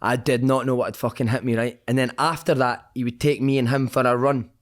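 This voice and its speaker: A man's voice: medium pitch, flat delivery, a little fast. A man, a former footballer, telling laddish anecdotes as a podcast guest, swearing freely and calling everyone mate. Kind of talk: casual storytelling chat.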